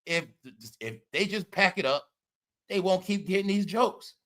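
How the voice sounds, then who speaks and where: High, bright-voiced man ranting on a livestream. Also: measured pace. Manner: loud, laughing, profane, repeats "all right?". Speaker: commentary livestream host. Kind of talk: casual livestream commentary.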